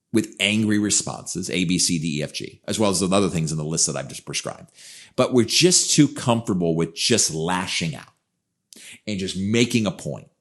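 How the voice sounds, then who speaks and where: Podcast guy, kinda low voice, earnest and reflective, repeats himself for emphasis. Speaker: podcast co-host. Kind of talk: casual conversational podcast talk.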